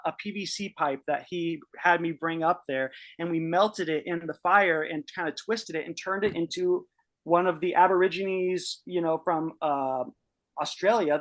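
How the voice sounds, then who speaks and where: A young man telling a story from his own life in a casual, profane, animated way. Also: on the high side, no echo. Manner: profane, animated storyteller who shouts out his quoted outbursts. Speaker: podcast guest.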